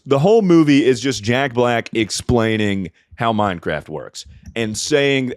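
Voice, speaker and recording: A man's voice: medium pitch, clear, resonant tone, no echo, studio quality. A man co-hosting a casual comedy podcast, ranting profanely and breaking into mocking voices. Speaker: podcast co-host.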